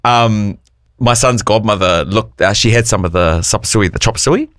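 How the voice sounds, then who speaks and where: A man hosting breakfast radio, joking and telling stories in lively banter. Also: on the low side, normal speed, dry recording, clean studio sound. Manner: lively, jokey, storytelling. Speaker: radio host.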